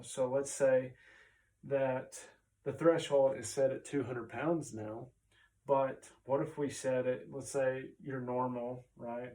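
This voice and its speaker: A male chiropractor explains things in a casual, easygoing way, his mellow voice sitting in the mid range. He sounds a bit distant from the microphone and keeps the talk conversational, frequently tacking on "right?"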